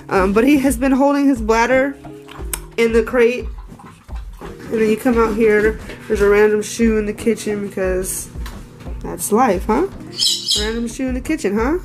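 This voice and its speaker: A woman chatting casually in a home vlog, rambling and talking to her puppy as she walks between rooms. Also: medium pitch. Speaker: vlogger, dog owner.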